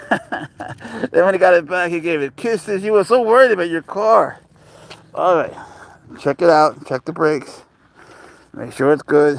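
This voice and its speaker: A man live-streaming outdoors on a phone, chatting in a rambling, casual way and coaxing his cat along in baby talk. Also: a little high. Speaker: pet owner live-streaming. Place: outdoors, walking near a parked car.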